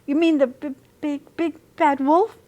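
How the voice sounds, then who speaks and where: A woman's voice: high voice, fairly even intonation, measured pace, mellow, voice pushed up. A woman voicing a timid cow who stammers nervously in a storybook reading.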